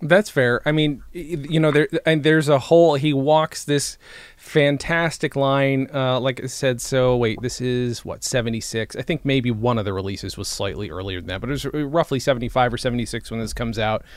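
A man's voice: medium pitch, normal speed, no echo. Chatty male podcast host, dry sound. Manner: chatty and amused, restarting sentences as he thinks aloud. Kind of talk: casual podcast chat.

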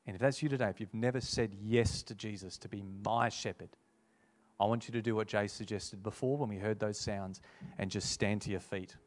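A man preaching a sermon and altar call, earnest and repetitive, slowing down to quote scripture. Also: fairly low pitch, steady tone. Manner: earnest, repeats key phrases, slows for scripture.

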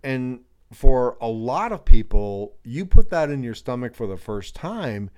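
A man's voice: medium pitch, sing-song, a little slow, darkish tone, clean tone. A man co-hosting a hiking video, chatting casually with chuckles and friendly advice. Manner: easygoing, chuckling, gives friendly backpacking tips. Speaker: co-host of a hiking channel.

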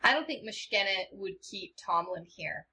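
A woman playing a tabletop game, decisive and quick to suggest plans. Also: medium pitch, animated, pushed and bright. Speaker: player.

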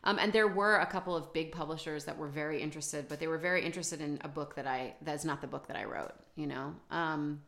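A woman with a deep, low voice chats about her writing life in a relaxed podcast conversation. She talks loosely and self-deprecatingly, full of fillers and restarts. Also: fast talker, vocal fry, few pauses. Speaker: author guest.

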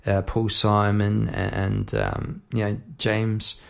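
A man's voice: on the low side, completely flat delivery, slow pace, vocal fry. A man teaching songwriting at home at night, chatty and self-deprecating, stopping to sing lines from his song. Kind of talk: casual songwriting lesson at the piano.

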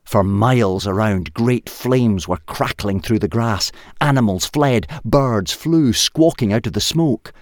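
A man reading a comic short story aloud in a lively, expressive way. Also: fairly low pitch, measured pace, few pauses, dry recording, studio quality.

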